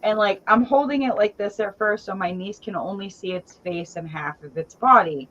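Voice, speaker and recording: A woman chatting casually on an online panel, telling a lively story and acting out the quoted lines. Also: medium pitch, moderate pace, highs cut off. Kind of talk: casual chat, animated storytelling.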